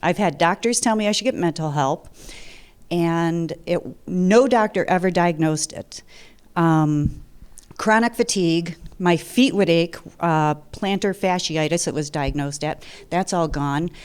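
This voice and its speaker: Woman in her fifties, smooth and clear voice, somewhat low, chatty storytelling at a seminar. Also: a little slow. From Detroit area, USA. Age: 50s. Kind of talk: personal testimony at a seminar.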